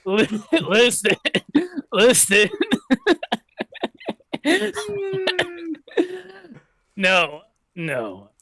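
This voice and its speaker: A man's voice: high-pitched, huge pitch swings, drawn-out words, pauses often, sharp tone, no echo, voice pushed up, full character voice. A man voicing a young male cat boy prisoner who keeps pressing with teasing questions. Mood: insistent.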